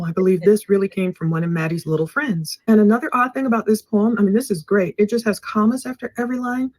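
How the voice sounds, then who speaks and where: A woman narrates a true crime segment in a mid-pitched voice. She reads online posts aloud and breaks off into musing asides. The sound is dry and close. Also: a little mellow, no echo, low-quality recording. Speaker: co-host, presenter.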